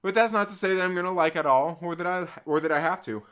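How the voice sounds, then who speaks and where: Bright-voiced man ranting on a live stream. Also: high-pitched, fast talker, clean tone. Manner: profane, rambling, lots of "like" fillers, laughs often. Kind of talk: casual live stream rant, reading chat.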